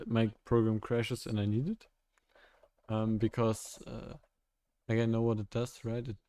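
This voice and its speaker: A young man chats with his viewers during a live coding stream, with a mellow voice. He thinks aloud, stops and restarts, and laughs often. The sound is dry. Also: mid-range voice, no echo. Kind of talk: casual live-stream chat while coding.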